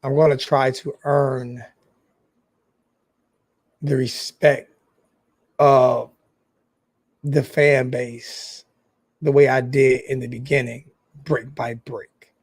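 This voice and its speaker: A young man in an emotional, apologetic vlog monologue who talks haltingly, with many restarts and repeated phrases. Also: medium pitch, level tone, no echo. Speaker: sports fan YouTuber.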